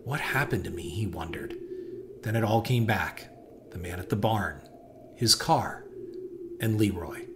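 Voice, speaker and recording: Low-voiced man narrating a horror story. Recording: noisy hiss behind voice.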